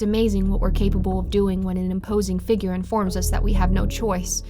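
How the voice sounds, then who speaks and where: A woman in scripted horror narration, telling the story in a dry, even way. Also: medium pitch, fairly quick, hardly any pauses. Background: faint music.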